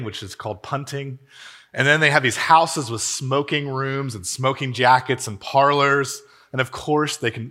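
A man preaching a sermon in a church, telling a story in an animated, conversational way. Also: mid-range voice. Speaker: pastor. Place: church hall.

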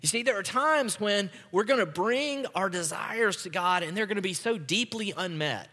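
Male pastor, talky sermon delivery, brightish voice, big sanctuary reverb. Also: sits high, expressive, normal speed. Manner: conversational preaching, often checks in with "right?". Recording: long hall reverb.

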